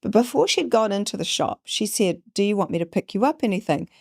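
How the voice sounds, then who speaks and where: A woman's voice: medium pitch, fast, vocal fry, no echo, studio quality. A woman, a podcast guest telling a story in conversation and acting out the people she quotes. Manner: animated, acts out quoted voices.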